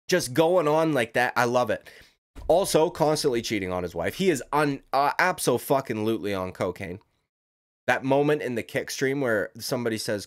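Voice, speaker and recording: A man's voice: medium pitch, lively intonation, moderate pace. A man giving casual, profane, rambling commentary as a YouTube commentator, talking emphatically.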